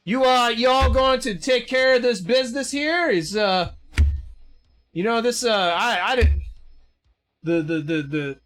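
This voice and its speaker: A sleazy, fidgety colonial governor, put on by a man, pushes and stammers in a high, strained voice. His attempt at a British accent keeps sliding into an Australian twang. Faint music plays behind him in a tabletop game session. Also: a little slow, a bit bright. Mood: pushy.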